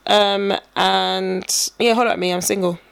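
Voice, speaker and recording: Gravelly-voiced young woman. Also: mid-range voice, fairly even intonation, a little slow. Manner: agreeable, laid-back, many fillers. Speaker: podcast co-host. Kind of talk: casual podcast chat.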